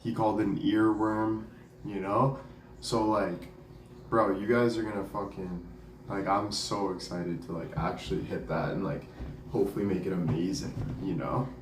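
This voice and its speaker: A man's voice: low-pitched, fairly even intonation, normal speed, far from the mic, a little hiss or hum. A young man telling a story in a casual, rambling way, packing his talk with "like" and "dude" and swearing now and then. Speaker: vlogger and singer. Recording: roomy sound, off the mic, faint ambience.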